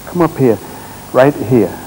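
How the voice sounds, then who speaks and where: A male therapist works through a live demonstration on a conference stage, giving short, calm commands and then turning to explain what he sees. His pitch sits in an ordinary middle range, and a faint hiss runs under the recording. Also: unhurried, poor audio. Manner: gentle, directive coaching with short commands. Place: stage at a congress.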